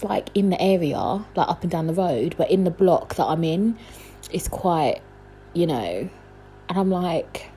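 A young woman, hosting a casual solo podcast from home at night, rambling and chatty with lots of fillers and laughs, talking quietly. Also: on the low side, slight background noise, poor audio. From London. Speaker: podcast host.

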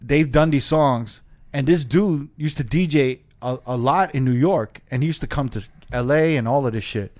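A man in casual conversation among friends, telling a long story in a relaxed, profane way, full of fillers. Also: medium pitch, normal speed, few pauses. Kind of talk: casual chat.

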